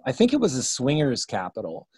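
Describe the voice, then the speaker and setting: A man's voice: mid-range voice, huge pitch swings, fairly quick, dark tone, husky, dry recording. A man hosting a casual podcast chat, talking in a meandering way with many fillers. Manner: meandering, chatty, lots of fillers. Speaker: podcast host interviewing a musician.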